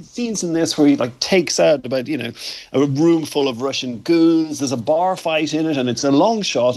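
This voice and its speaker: A man's voice: on the high side, a little mellow. A man reviewing films from a festival, rambling with restarts and blunt opinions. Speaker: film critic. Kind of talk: conversational film review. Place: at a film festival.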